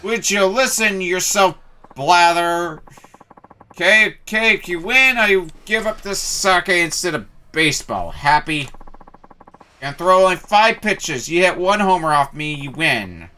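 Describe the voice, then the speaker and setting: Man doing a drunk old-timey ballplayer, blustering, high and swooping, bright edge. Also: lively intonation, smooth, full character voice. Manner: folksy, blustering, quick to anger. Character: drunk brash middle-aged male ex-baseball ace. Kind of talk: reading game dialogue aloud.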